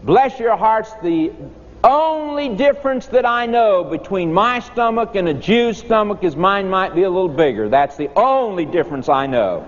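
A middle-aged man preaching a folksy, homespun sermon, telling a childhood story to his congregation. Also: normal speed. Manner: homespun, animated, quotes children in a high voice. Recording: muffled hall recording.

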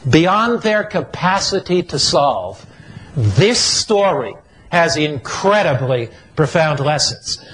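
A man delivers a sermon in a high voice. He preaches slowly and deliberately, building emphatic, repeated phrases. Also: a bit bright, low-quality recording. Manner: emphatic repetitive cadence.

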